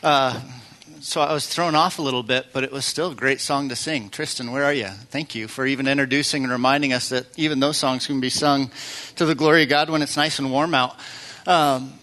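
A man's voice: mid-range voice, steady tone, brisk, bright, forceful tone. A man preaching as pastor, telling stories in a loose, conversational way with fillers and restarts. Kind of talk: sermon.

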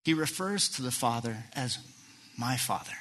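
A middle-aged man preaching a sermon as pastor, animated and full of rhetorical questions. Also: mid-range voice, moderate pace. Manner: animated, asks rhetorical questions, acts out quoted lines.

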